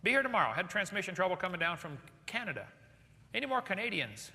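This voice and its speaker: A man giving a lively seminar lecture to a live audience, firing questions at the crowd. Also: high-pitched, quick pace. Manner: animated, asks the audience questions. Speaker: creationist speaker. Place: large hall with audience. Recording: echoey hall recording.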